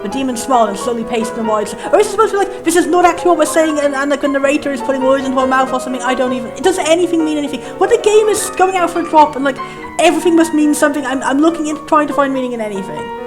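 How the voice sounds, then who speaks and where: Let's play host, woman, high voice, rapid delivery; reads game text aloud and muses in confused asides. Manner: rambling, puzzled questioning asides. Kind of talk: casual game commentary, reading on-screen text aloud. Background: faint game music.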